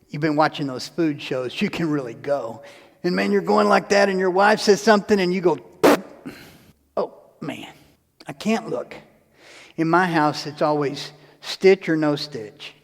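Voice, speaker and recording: A man's voice: sits high, moderate pace. A man giving a parish mission talk in a church, folksy and acting out little everyday scenes as he explains. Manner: folksy, acts out little scenes in different voices. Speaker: lay speaker at parish mission. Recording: long hall reverb.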